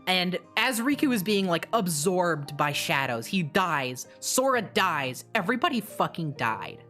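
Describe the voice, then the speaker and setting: A woman streamer casually retelling a story, animated and swearing, with quick asides and restarts. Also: on the low side, soft background music.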